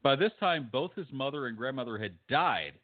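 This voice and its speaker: A man with a mid-range voice co-hosts a podcast in loose, profane chat, delivering dry quips and reading search results aloud. His pitch moves freely, and the sound is narrow and phone-like. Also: lively intonation, a little fast. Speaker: podcast co-host. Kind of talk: casual chat.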